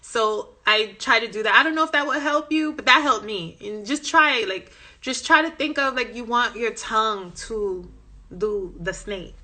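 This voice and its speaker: A woman from New York with a New York accent chats casually on a phone livestream. She tells animated stories full of fillers and asides. Her voice sits a little high and sounds very bright. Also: moderate pace. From New York, USA. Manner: chatty and informal, with many fillers and asides. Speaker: language-learning content creator. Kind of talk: casual livestream chat and storytelling.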